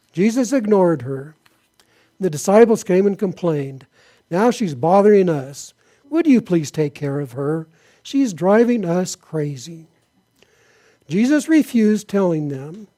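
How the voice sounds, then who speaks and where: A man's voice: high voice, warm tone. A man preaching a sermon, reading Bible passages aloud and then asking his listeners questions. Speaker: pastor.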